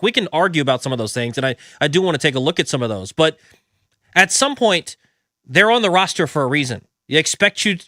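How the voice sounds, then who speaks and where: Male radio co-host, fairly high, bright and forceful, dry booth sound. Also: lively intonation, fairly quick, dry recording. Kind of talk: sports talk radio. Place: radio studio.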